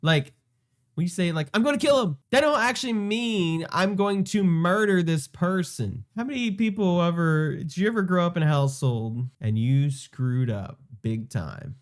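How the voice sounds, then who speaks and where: A man's voice: on the high side, animated, unhurried. A man, a YouTube host, gives earnest, conversational reaction commentary full of fillers and restarts.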